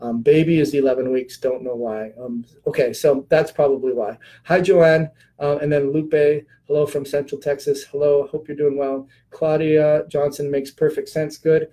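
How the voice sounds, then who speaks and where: A man's voice: fairly high pitch, steady tone, moderate pace, warm tone, poor audio. A middle-aged man hosting a casual live-stream Q&A, chatty, with many fillers, greeting viewers by name.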